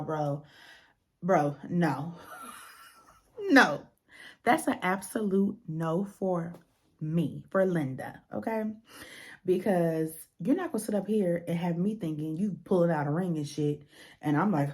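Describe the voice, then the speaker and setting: A woman's voice: on the low side, lively intonation, measured pace, pauses often. A young woman giving a casual, blunt and profane recap of a reality show, acting out the people she quotes.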